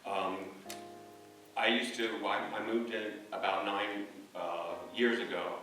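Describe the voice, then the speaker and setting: A man giving a rambling, hesitant memorial speech as a neighbor, telling stories with many pauses and fillers. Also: fairly low pitch, steady tone. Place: church memorial service. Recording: echoey hall, distant mic, soft music.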